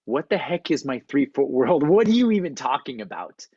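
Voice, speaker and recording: A man's voice: mid-range voice, very animated, moderate pace, a little mellow, slightly rough, dry recording, highs cut off. A man voicing a rigid, frightened male Navy SEAL who sounds stiff and bewildered. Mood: baffled.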